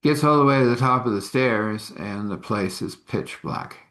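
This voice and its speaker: A man's voice: medium pitch, normal speed, fairly bright tone. A man casually telling a story, rambling with conversational asides.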